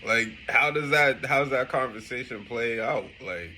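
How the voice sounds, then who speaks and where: Young male reaction host, bright, slangy, quick to laugh, casual commentary. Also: medium pitch, a little hiss or hum. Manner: animated, laughing, heavy slang.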